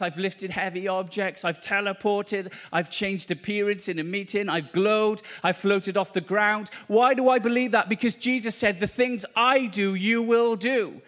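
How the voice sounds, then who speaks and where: A man's voice: high voice, fairly bright tone. A man preaching a charismatic sermon at a church meeting, fervent and repetitive, exclaiming to the congregation.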